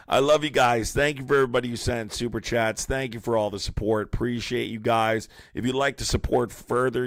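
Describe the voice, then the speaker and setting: Young male streamer, low-pitched, dry close mic. Argumentative and angry as he answers chat comments. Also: no echo. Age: young adult. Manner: heated and confrontational, calling out commenters by name. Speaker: livestream host. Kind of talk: live-stream chat, reacting to viewer comments.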